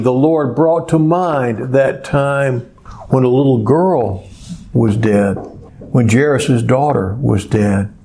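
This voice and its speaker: A man preaching a sermon, telling stories slowly and deliberately, dropping low and soft to stress a point. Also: a little hiss or hum. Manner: slow, deliberate storytelling with pauses.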